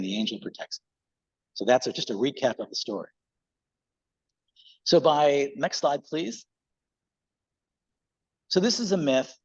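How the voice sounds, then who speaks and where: A man's voice: medium pitch, slightly rough, dull audio. A male pastor giving a casual, conversational sermon in a church, with loose fillers.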